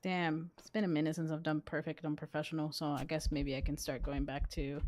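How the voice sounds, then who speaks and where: A woman's voice: sits low, level tone, a little fast, darkish tone, slight background noise. Woman streamer taunting a game ghost. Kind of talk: live gameplay commentary.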